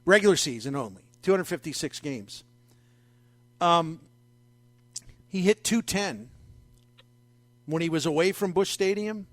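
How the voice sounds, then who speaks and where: A man hosting a sports talk radio show, talking in a wry, conversational, animated way into a studio mic. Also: fairly high pitch, a little slow, long pauses, dry recording. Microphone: studio microphone.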